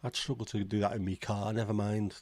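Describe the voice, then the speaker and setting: Male livestream host, lowish voice, chatty and sweary, dry close sound. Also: flat delivery, fairly quick, a little mellow, no echo. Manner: chatty, swears freely, reacts with disbelief. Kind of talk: casual chat reading viewer comments.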